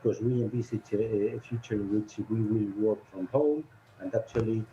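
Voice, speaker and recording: A man whose first language is Spanish, an advisor on a video call, speaking haltingly and searching for words. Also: on the low side, dark tone, slight background noise. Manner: hesitant, searching for words with many fillers. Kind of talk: online panel discussion. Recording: muffled video call line.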